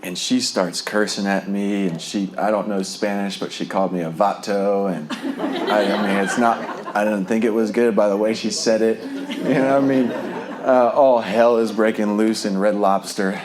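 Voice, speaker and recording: A man's voice: fairly low pitch, fairly even intonation, normal speed, background noise. A man from New Jersey telling his recovery testimony in a rambling way, with many fillers and frequent chuckles. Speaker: speaker sharing a recovery testimony. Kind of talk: personal testimony storytelling.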